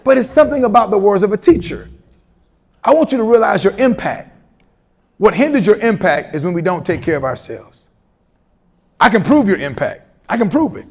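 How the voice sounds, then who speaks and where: A middle-aged man giving a motivational, humorous speech to teachers, animated and telling stories with acted-out voices. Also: high voice, fairly quick, vocal fry, pauses often, breathy edge. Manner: animated storyteller, humorous asides, acts out quoted voices. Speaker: keynote speaker at educators' institute day.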